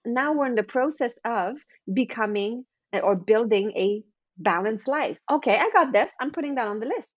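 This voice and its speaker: A woman voicing a chatty female inner personal assistant in a quick, higher sing-song. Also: lively intonation, no echo, lo-fi sound. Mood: chirpy.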